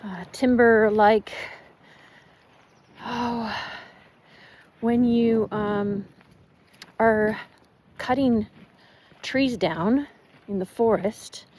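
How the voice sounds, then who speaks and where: A woman chatting casually while walking her dog outdoors, rambling and switching into halting German. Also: fairly high pitch, darkish tone. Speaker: vlogger. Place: outdoors in a neighborhood.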